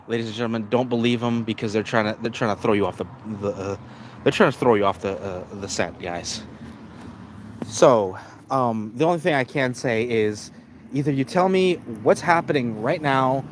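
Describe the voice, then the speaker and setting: A man rambles through casual live-stream commentary, stumbling over restarts and calling out to his viewers. His voice sits at an ordinary middle pitch. Faint traffic and street noise hum behind him. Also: moderate pace. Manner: rambling, many restarts, addresses "ladies and gentlemen".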